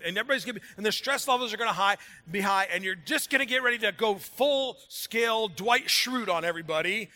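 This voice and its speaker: Here a pastor with a high, bright, pushed voice addresses a congregation in a big room. The sermon feels relaxed and humorous, rising in energy until he calms down to read from scripture.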